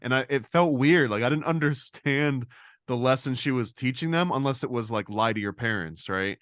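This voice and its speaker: An animated man co-hosting a casual discussion podcast. He talks quickly and acts out quotes with a pitch jump. His voice is recorded dry and close, with no room sound. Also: no echo. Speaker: podcast co-host.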